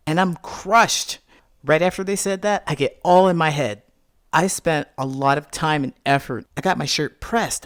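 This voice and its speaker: A man's voice: fairly high pitch, normal speed, no echo, clean studio sound, faint music behind. A man hosting a podcast, telling a personal story in a monologue and acting out the scenes. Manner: animated, reenacts scenes with voiced quotes. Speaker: podcast host.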